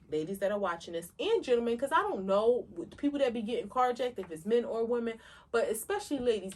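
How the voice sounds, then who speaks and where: A woman co-hosting a podcast, telling a story in an animated, emphatic way and speaking straight to listeners. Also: mid-range voice, slightly rough, recorded from a distance. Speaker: podcast co-host. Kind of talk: casual storytelling chat.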